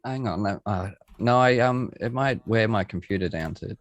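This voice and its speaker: A man's voice: fairly low pitch, moderate pace, dry recording. An Australian man hosting a podcast, chatty and self-mocking. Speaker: podcast host. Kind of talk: casual chat.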